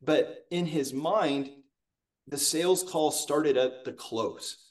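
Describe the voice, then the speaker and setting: A man, a sales coach and podcast guest, telling a story in a lively, conversational way. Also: a little high, slow, far from the mic. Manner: animated, acts out quotes.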